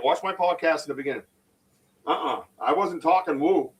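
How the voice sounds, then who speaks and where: A man hosts a loose livestream chat, his voice sitting a little high for a man. He rambles excitedly and restarts his sentences often. He sounds as if he is set back from the microphone. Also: fairly quick, far from the mic, poor audio. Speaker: podcast host and Bigfoot researcher.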